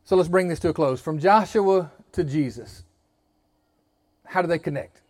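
A man's voice: a little high, moderate pace, darkish tone, no echo. A man preaching a sermon as pastor, building emphasis and leading the congregation in call-and-response.

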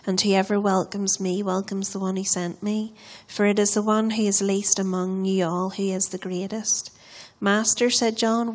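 A woman reads a Bible passage aloud during a church service. Her delivery is steady and even, with very little rise and fall in pitch. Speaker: scripture reader. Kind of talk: reading scripture aloud.

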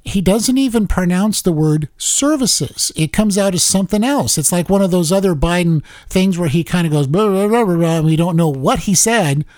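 A man hosting a political talk show, giving commentary in an animated, repetitive way. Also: high-pitched, moderate pace, few pauses, no echo. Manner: animated, repeats words and restarts.

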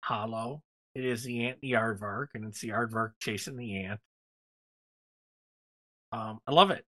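A man's voice: on the low side, measured pace, bright, forceful tone. A man co-hosting a casual podcast chat, rambling enthusiastically with lots of fillers. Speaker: podcast co-host.

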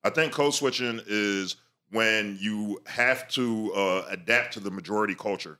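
A man with a bright, forceful, fairly low voice explains ideas in a casual panel discussion. He works through his thoughts aloud, pausing on fillers and restarting sentences. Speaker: podcast co-host.

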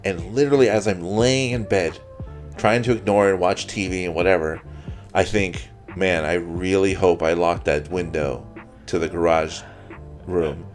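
A man's voice: low voice, steady tone, normal speed, soft background music. A young man co-hosting a podcast, telling a long rambling story full of swearing and acted-out quotes. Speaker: podcast co-host. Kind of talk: casual storytelling.

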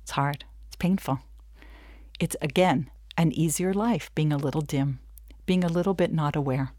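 A middle-aged woman teaching a webinar, talking in a lively way and acting out little back-and-forth dialogues. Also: deep voice, moderate pace, no room sound, studio quality. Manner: animated, acts out little dialogues with laughs. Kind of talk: lively talk to an audience.

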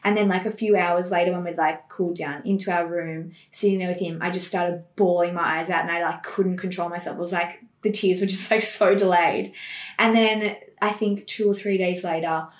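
A young woman, a podcast guest, chatting casually and telling animated stories full of quoted dialogue. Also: lowish voice, fairly quick. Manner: animated storytelling, quoting others. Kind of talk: casual interview. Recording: roomy echo.

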